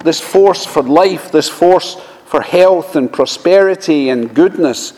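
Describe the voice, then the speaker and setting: A man preaching a sermon, speaking slowly and measuredly, often quoting scripture. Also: a little high, darkish tone. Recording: long reverb of a large hall.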